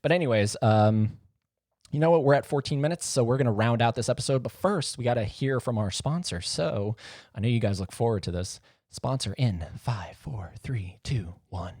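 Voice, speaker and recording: A man's voice: medium pitch, lively intonation, fairly quick, darkish tone, no echo. A man hosting a solo podcast, talking in a rambling, jokey and self-mocking way into a close mic. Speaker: podcast host. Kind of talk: casual solo podcast monologue.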